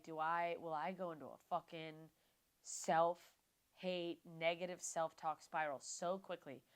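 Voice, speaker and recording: A woman's voice: fairly low pitch, a bit bright, smooth. A young woman hosting a podcast, talking in a rambling, profane and self-deprecating casual rant. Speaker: podcast host.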